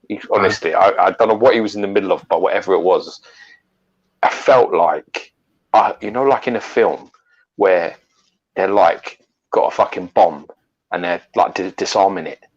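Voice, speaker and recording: A man's voice: deep voice, slightly rough, lo-fi sound. A middle-aged man chatting on a live stream, telling stories loosely, swearing a lot and laughing often. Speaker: co-host. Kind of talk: casual chat.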